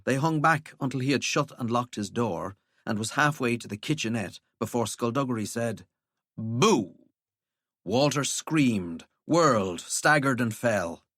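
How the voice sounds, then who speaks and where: A man reading an audiobook as narrator, in an expressive storytelling manner. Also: mid-range voice, no room sound, studio quality. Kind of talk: scripted narration.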